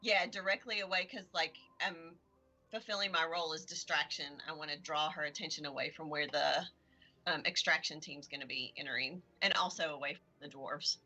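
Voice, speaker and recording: A woman's voice: low voice, fairly even intonation, a little fast, pushed and bright, soft background music. A woman playing a tabletop game, hesitant and full of fillers, often laughing at herself. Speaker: player.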